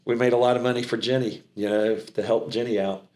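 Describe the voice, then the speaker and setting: A middle-aged American man with a trace of a Southern accent, telling stories in an animated, rambling way and often restarting his sentences. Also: medium pitch, fairly quick, echoey room. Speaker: charity founder and auctioneer. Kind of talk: casual interview talk.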